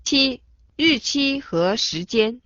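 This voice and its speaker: Animated woman, slightly high, sing-song lesson reading. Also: slow, no room sound. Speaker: Chinese phrase reader. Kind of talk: scripted phrase reading. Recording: dull dry studio sound.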